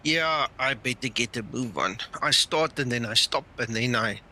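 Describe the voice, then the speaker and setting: A man's voice: medium pitch, moderate pace, sharp tone, a little hiss or hum, rough recording. A man casually chatting on a flight simulator live stream, thinking aloud as he flies and talking with people on the call.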